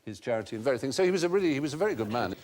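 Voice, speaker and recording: A man's voice: medium pitch, lively intonation, racing, a little mellow. A man hosting a comedy panel quiz, explaining facts with enthusiasm in a TV studio. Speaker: quiz show host. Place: TV studio with live audience.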